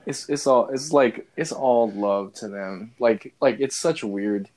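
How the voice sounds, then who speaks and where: Young guy, casual co-host, loose and rambling, laughs a lot, mid-pitched. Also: a little slow, a little mellow. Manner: rambling, filler-heavy, restarts a lot; laughs often, playful. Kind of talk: casual chat.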